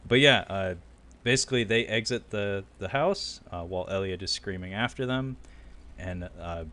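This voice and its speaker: A man with a low voice co-hosts a movie podcast, walking his partner through a documentary's ending. He chats casually and breaks into quoted lines with sudden energy. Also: moderate pace. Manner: animated storyteller, acting out quotes with loud bursts and laughter. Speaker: podcast co-host. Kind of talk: casual film recap chat.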